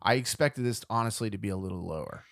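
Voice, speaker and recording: A man's voice: fairly low pitch, fast talker, vocal fry, fairly bright tone, dry recording. Opinionated man co-hosting a podcast, dry sound. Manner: opinionated, emphatic, swears now and then. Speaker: podcast co-host. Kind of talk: casual chat.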